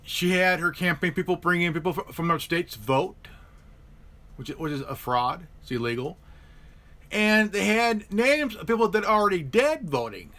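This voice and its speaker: Halting, bright-voiced man chatting politics. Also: high-pitched, very animated. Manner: halting, many repeated words and restarts. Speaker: live stream host. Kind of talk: casual political chat.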